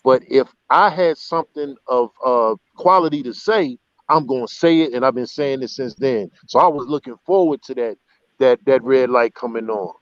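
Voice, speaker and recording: A man's voice: medium pitch, moderate pace, no room sound. Man, radio DJ guest, earnest, emphatic, dull muffled audio. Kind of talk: casual chat.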